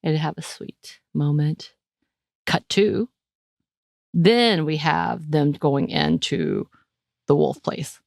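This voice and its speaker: A woman's voice: sits low, big pitch swings, slow, gravelly, long pauses, a little mellow, no echo, clean studio sound. A woman co-hosting a podcast, chatting animatedly as she recaps a TV episode, often restarting her sentences. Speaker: podcast co-host. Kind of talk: casual chat recapping a TV episode.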